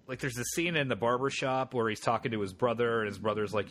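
A man's voice: medium pitch, quick pace, hardly any pauses, a bit bright, a little hiss or hum. A man co-hosting a podcast, chatting casually through a film recap and acting out quoted lines in funny voices. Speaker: podcast co-host. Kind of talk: casual film review chat.

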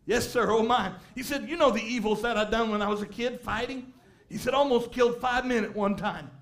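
A man preaching a sermon, telling a story and rising to shouts of emphasis. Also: extremely high pitch. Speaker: pastor.

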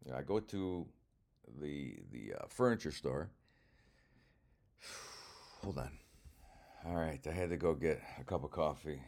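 A man's voice: a bass voice, expressive, a little slow, pauses often. An older man, a comedian, talking through a casual rambling monologue in a wry, self-mocking way and swearing freely.

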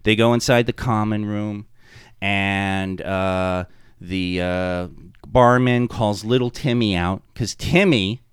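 Man, podcast co-host, animated storyteller, clear voice, dry close mic. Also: fairly low pitch, slow pace, no room sound. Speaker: podcast co-host, game master. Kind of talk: casual chat, recounting a game session.

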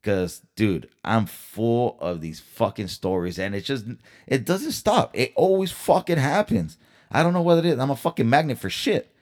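A man's voice: mid-range voice, lively intonation, normal speed. A man hosting his own podcast, venting in a heated, profanity-laden rant and throwing rhetorical questions at his listeners. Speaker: podcast host. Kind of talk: solo podcast storytelling rant.

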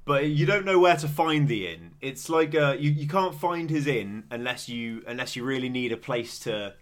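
A man's voice: mid-range voice, expressive, normal speed. A young English man co-hosting a podcast in casual chat, laughing often and rambling with frequent restarts. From England. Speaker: podcast co-host.

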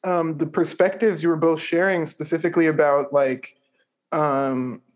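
A woman's voice: low voice, fairly even intonation, normal speed, a little mellow. A woman podcast host asking questions in a casual, curious way. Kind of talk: casual interview.

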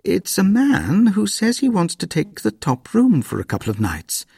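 A man's voice: sits high, huge pitch swings, moderate pace, creaky, a little mellow, slightly rough, dry recording, studio quality, voice pushed up, exaggerated voice. A man voicing an earnest, slightly nervous young mother in a storybook reading. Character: anxious practical young mother.

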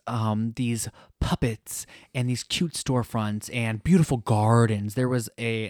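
A man's voice: mid-range voice, a little mellow, no echo, clean studio sound. A man, co-hosting a podcast and telling a travel story in an effusive, gushing way. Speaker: podcast co-host. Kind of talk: casual travel chat.

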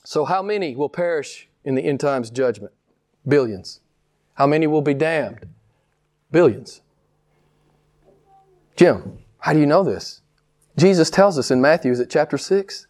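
A man preaching a sermon with passion, firing rhetorical questions and swinging widely between slow, emphatic lines and quick ones. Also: lively intonation, darkish tone. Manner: impassioned preaching, rhetorical questions, big swings in pitch and pace. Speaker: pastor.

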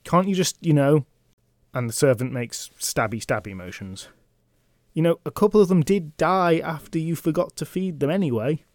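A man's voice: on the high side, animated, moderate pace, a little mellow, no echo, natural voice. A man voicing a long-suffering male servant in a castle who talks in a weary, dry manner.

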